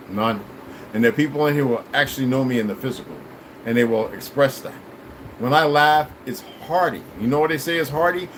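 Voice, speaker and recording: Male streamer, slightly high voice, blunt and profane, preachy rambling delivery. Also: a little hiss or hum, low-quality recording. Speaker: livestream host talking to viewers. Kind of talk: rambling casual livestream chat.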